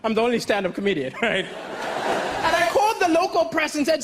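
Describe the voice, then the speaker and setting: A man from Malawi doing a stand-up comedy set on a television stage, deadpan and self-mocking with bursts of mock shouting. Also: very high-pitched, brisk. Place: television stage before a live audience. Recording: noisy live stage with audience laughter.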